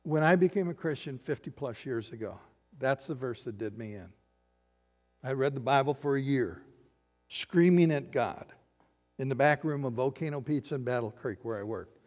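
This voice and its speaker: A man's voice: mid-range voice, lively intonation, normal speed, soft background music. Older male pastor preaching in a reverberant hall. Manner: swings from loud emphatic lines to quiet hushed ones. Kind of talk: sermon.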